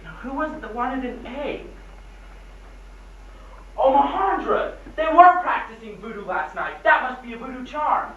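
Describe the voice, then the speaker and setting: A woman's voice: sits high, expressive, measured pace, crowd noise. An actress playing an urgent, anxious young woman pleading a case in an old film. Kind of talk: 1940s film acting. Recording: echoey, distant, dull old film soundtrack.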